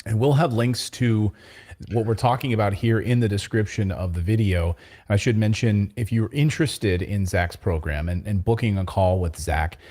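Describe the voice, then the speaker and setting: A man hosting an interview, briskly pointing viewers to links and asking follow-up questions. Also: lowish voice, warm tone. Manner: brisk, plugs links, short affirmations. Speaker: host.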